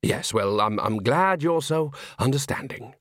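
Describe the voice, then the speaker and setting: A man's voice: mid-range voice, expressive, measured pace, a bit bright, no echo, clean studio sound. A man voicing a nervous, fussy middle-aged theatre owner who stammers and rambles when flustered.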